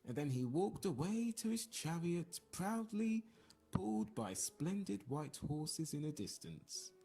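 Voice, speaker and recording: A woman narrating an audiobook story in a slow, expressive way. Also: sits low, slightly rough. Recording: faint background music.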